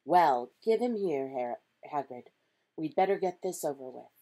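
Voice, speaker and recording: A woman voicing a wise, calm old wizard who speaks in a gentle, measured way. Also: sits low, heavily acted.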